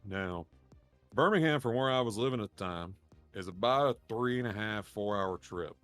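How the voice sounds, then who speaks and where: A man's voice: fairly low pitch, expressive, normal speed, fairly bright tone. A man with a drawl tells a long, meandering story on a podcast. He swears freely, restarts his sentences and laughs at his own tale. Faint music sits in the background. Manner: rambling, profane, laughs while telling stories. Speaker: podcast co-host. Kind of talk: casual storytelling chat.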